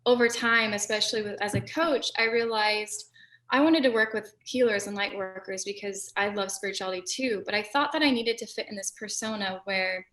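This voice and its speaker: A woman's voice: mid-range voice, fairly quick, fairly bright tone. A young woman who works as a business coach, sharing her own experience in a reflective, conversational way. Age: young adult. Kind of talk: conversational webinar input. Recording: roomy, distant from the mic.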